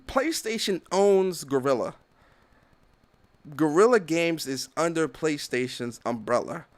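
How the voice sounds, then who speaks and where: Animated man ranting on a podcast. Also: on the high side, unhurried. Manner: animated, ranting, swears freely, acts out dialogue. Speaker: podcast host. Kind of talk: opinionated solo commentary.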